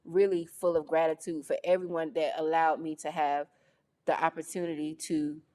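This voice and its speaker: A woman from North Carolina, a guest in a casual interview, telling her story with lively, acted-out quotes. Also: deep voice, normal speed. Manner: animated, acts out quoted voices. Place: studio on location.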